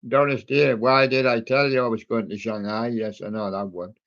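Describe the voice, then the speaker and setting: A man hosting a livestream, chatting slowly and jokily as he reads out a list of old songs, with many ums and rambling asides. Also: medium pitch, level tone, a bit bright, muffled recording. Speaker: livestream host reading out a music playlist. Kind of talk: casual running commentary between old songs.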